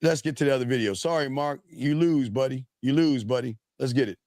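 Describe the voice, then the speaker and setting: A man hosting a casual reaction podcast, ranting in a loud, crude and animated way. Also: medium pitch, fairly quick, no room sound, studio quality. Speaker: podcast host.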